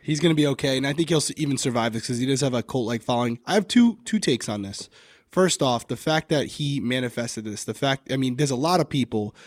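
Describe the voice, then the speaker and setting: A man's voice: mid-range voice, quick pace, dry recording, clean studio sound. A man co-hosting a casual podcast, reading things aloud and commenting bluntly with plenty of swearing. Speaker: podcast co-host.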